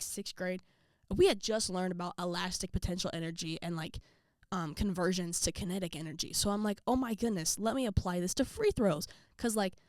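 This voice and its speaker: A young woman vlogging, casually telling a story to her viewers and acting out quotes with jumps in pitch. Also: no room sound, clean studio sound.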